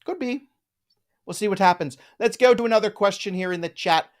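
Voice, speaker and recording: Male host, slightly high voice, playful, jokey, casual live chat. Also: a little fast. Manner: playful, jokey, riffs on names. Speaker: fantasy football show host.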